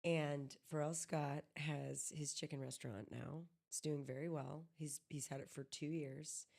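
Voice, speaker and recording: Low-voiced American woman, casual podcast. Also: a little slow, creaky. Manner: rambling, animated, joking. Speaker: podcast co-host. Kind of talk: casual chat.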